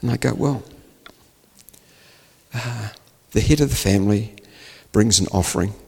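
Male preacher, low and husky, storytelling sermon with acted dialogue, long reverb. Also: fairly quick, darkish tone. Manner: storytelling, acts out dialogue, rising to emphatic peaks.

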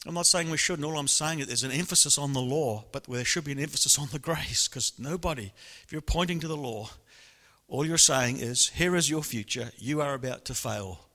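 A man preaching a sermon in a church hall, lively and animated, often laughing and acting out voices. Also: on the high side, brisk. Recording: long hall reverb.

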